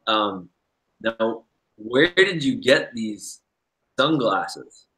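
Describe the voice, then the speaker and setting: A man hosting a live-streamed interview and reading questions from the chat, hesitant with many ums, often trailing off quietly. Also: mid-range voice, very animated, very slow. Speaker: livestream host. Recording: echoey room.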